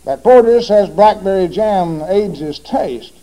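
Guy in a church debate, high mellow voice, keeps hammering the same question at the other side. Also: animated, a little slow, poor audio. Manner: emphatic, hammering repeated rhetorical questions at his opponent. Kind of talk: formal religious debate speech.

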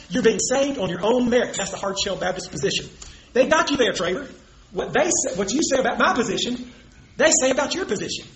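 A man's voice: sits high, fairly bright tone. A man preaching with emphasis, arguing a point and quoting scripture as he goes. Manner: emphatic, argumentative, quotes scripture. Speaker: preacher in a debate. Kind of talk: impassioned preaching. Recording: echoey room with faint noise.

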